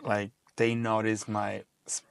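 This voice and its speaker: A man's voice: on the low side, monotone, slow, gravelly, clear, resonant tone, dry recording. A man from Cusco, Peru, with a Peruvian accent, who hosts a casual interview in a playful way and mixes English and Spanish. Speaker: interview host.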